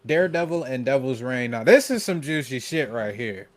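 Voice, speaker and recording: A man co-hosting a casual podcast, reading out articles and listener questions in a steady, matter-of-fact way. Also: medium pitch, normal speed. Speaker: podcast co-host.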